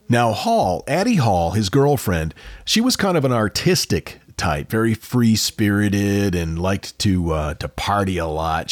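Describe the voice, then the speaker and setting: A man's voice: lowish voice, no room sound. A man co-hosting a podcast, casually telling a true-crime story with jokey asides. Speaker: podcast co-host.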